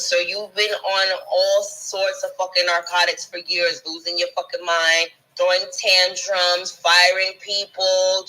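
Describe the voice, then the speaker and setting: Sharp-voiced ranting woman, scornful. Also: fairly low pitch, poor audio. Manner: scornful, mocking, swearing constantly; repeats and restarts words when heated. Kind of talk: profane ranting monologue.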